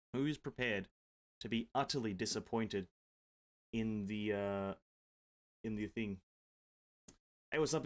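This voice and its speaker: Chatty male gaming streamer. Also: medium pitch. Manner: chatty, reads out and answers viewer comments; jokey, swears casually. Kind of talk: casual live-stream chat. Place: home desk setup.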